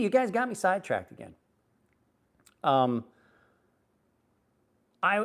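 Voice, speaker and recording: A middle-aged man talks casually on a livestream about knives. His voice sits at an ordinary middle pitch. He is blunt and swears freely, and he gets animated as he tells his stories. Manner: blunt, profane storyteller, animated. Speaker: knife channel host on a livestream.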